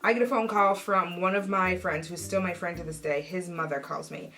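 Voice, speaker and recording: A young adult woman telling a personal story in a casual vlog, animated and acting out the voices of the people in it. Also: on the low side, fairly quick. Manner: animated, acts out quoted voices. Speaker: vlogger.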